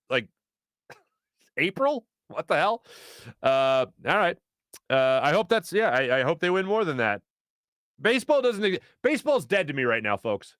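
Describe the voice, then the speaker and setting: Animated man hosting a sports talk show. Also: sits high, clean tone, dry recording, clean studio sound. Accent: Philadelphia. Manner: animated, rambling, jokey, lots of fillers and asides. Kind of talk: live show reading chat comments. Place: small studio. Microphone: studio mic.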